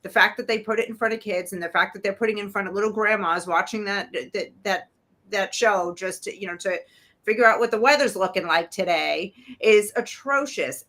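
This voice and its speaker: A woman's voice: mid-range voice, fairly bright tone. A woman guest on a political panel, speaking with angry indignation. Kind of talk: heated political commentary.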